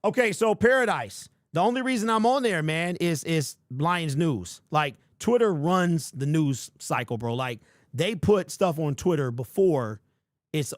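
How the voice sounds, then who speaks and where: A man's voice: fairly high pitch, dry recording, studio quality. A man hosting a sports podcast in casual chat, joking, laughing at his own stories and talking straight to viewers.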